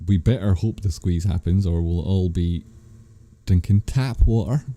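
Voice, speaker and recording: A man with a low, very dark voice hosts a casual live stream, unhurriedly reading viewers' chat questions aloud. He answers in a loose, rambling way and corrects himself often.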